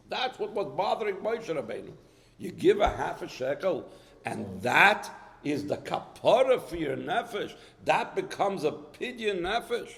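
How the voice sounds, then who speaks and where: A man's voice: sits high, very animated, a little slow, vocal fry, a bit bright, big-room sound. A man teaching a Hasidic text in a lecture, reading Hebrew source lines, explaining them in English and posing rhetorical questions. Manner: poses rhetorical questions, with frequent restarts. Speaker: Torah teacher.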